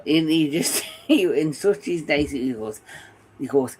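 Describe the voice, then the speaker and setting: A man's voice: mid-range voice, expressive, slow pace, breathy edge, low-quality recording. A man in his forties with a Geordie accent, chatting casually on a podcast and telling rambling stories with frequent laughs. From England. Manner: rambling anecdotal storyteller, laughs often. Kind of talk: casual chat.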